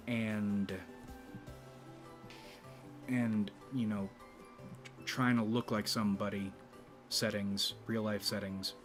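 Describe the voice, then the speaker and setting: A man hosting a YouTube channel in a rambling, casual monologue, speaking in a deliberately low register with a slight vibrato. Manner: rambling, with frequent restarts and profanity.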